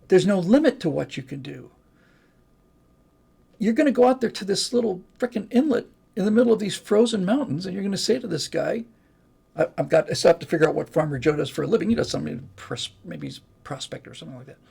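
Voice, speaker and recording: A man's voice: high voice, gravelly, darkish tone, breathy edge. A man hosting a casual livestream, rambling and chatty as he reads out viewer comments. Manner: rambling, chatty, with many restarts and fillers. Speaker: livestream host.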